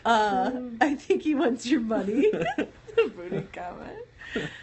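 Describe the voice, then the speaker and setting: A woman's voice: a little high, sing-song, slow, a crowd in the background. A woman co-hosting a late-night livestream, chatting casually and playfully and laughing often. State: pregnant. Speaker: livestream co-host.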